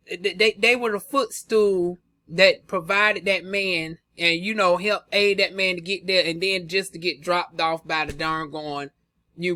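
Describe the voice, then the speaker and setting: A sassy, flamboyant young man dishes celebrity gossip to his viewers in a high, lively voice. His tone is bright and sharp, and the recording is dry and close, with no room sound at all. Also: no room sound. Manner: sassy and flamboyant, full of "honey" and drawled asides. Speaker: gossip vlogger. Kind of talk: casual gossip commentary.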